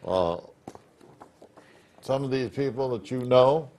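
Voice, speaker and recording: A man interviewing a guest for local television, asking unhurried, halting questions. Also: medium pitch, animated, darkish tone.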